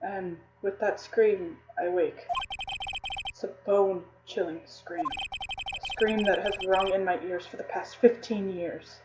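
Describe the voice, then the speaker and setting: On the verge of crying, a woman streamer reads out a detective game's dialogue, voicing each character and chatting to viewers between lines. Her medium-pitched voice is steady, and she takes it slowly. The recording is very noisy.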